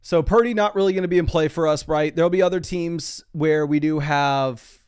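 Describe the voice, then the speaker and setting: A man's voice: on the high side, moderate pace, darkish tone, smooth. A young man streaming live from his desk, chatting casually through a fantasy football draft and reading out viewer comments. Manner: chatty, reads chat comments aloud. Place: home desk.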